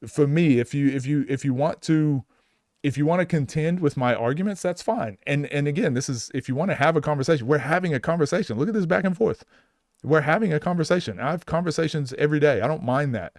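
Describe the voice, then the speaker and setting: A man's voice: fairly high pitch, expressive, fast talker, darkish tone, dry recording, clean studio sound. A man coaching basketball, giving blunt, exasperated live commentary and restarting his sentences often.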